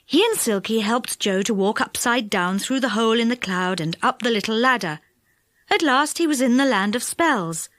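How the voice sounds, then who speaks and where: Lively, expressive woman reading a children's story. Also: a little high, no room sound. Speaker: audiobook narrator. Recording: dry close studio sound.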